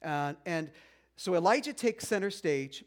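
A man's voice: sits high, lively intonation, unhurried. A man retelling a Bible story in a casual, conversational way, with many fillers and playful asides. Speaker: Bible teacher.

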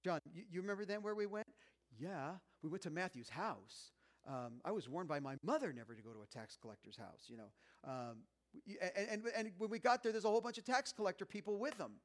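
This is Jesus as an earnest, everyday teacher coaxing his band of disciples, put on by a preacher in his own voice. The voice sits a little high for a man and stays plain and chatty. He keeps circling back to "remember" as he urges his followers. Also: sing-song, fast. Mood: pleading, fond. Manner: conversational, coaxing, repeats "remember". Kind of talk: sermon retelling.

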